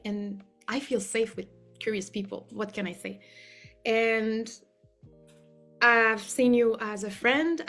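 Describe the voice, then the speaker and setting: Woman talking earnest and gushy, kinda high voice, lots of "like", soft music underneath. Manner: earnest and effusive, many "like" fillers. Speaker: client giving a testimonial. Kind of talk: heartfelt spoken testimonial.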